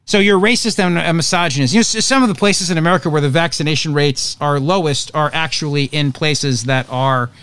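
A man's voice: on the high side, a little fast, hardly any pauses, clear, resonant tone, dry recording. A man hosting a talk radio show, delivering an opinionated monologue with sarcastic jokes and asides. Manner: sarcastic, animated, jokey asides.

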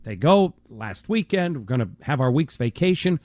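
Emphatic lively-voiced radio host. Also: male voice, mid-range voice, moderate pace, no room sound, clean studio sound. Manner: emphatic, repeats words when starting a point. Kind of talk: casual talk radio debate.

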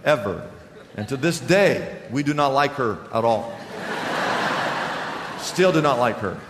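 A man's voice: on the high side, fairly bright tone. A middle-aged man preaches in a slightly raised voice, telling family stories with humor and driving his points home by repeating them. His voice carries a long hall reverb with faint room noise behind it. The delivery is a live sermon to a congregation. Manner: storytelling with humor, repeating lines for emphasis. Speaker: pastor. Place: church sanctuary before a congregation.

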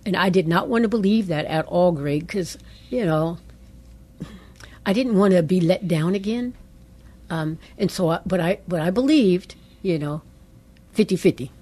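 A middle-aged woman on a call-in radio show, her voice low and husky with a dark, mellow tone. She tells her story with animation and acts out the voices she remembers hearing. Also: animated, moderate pace, long pauses. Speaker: pastor's wife and co-host. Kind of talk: call-in radio talk, personal testimony.

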